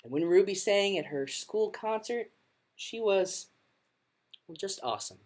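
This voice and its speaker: A woman music teacher reading a children's picture book aloud to her class in an expressive storytelling manner. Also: mid-range voice, unhurried.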